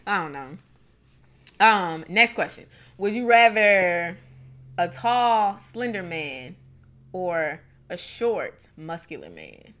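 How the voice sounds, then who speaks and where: Young woman, co-host, casual chat, bright tone, lively pitch, playful. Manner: animated, playful, quick asides. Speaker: podcast co-host.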